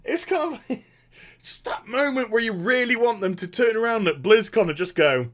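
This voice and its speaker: A man's voice: high-pitched, animated, normal speed, a bit bright. Sarcastic man ranting animatedly. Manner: sarcastic, swears freely, mocking impressions. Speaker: gaming commentator. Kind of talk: animated opinion rant.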